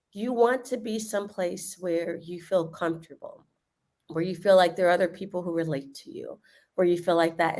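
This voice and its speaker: Low-voiced woman explaining at length. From United States. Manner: explanatory, animated, laughs often. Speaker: guest living in Lisbon. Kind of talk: casual livestream discussion.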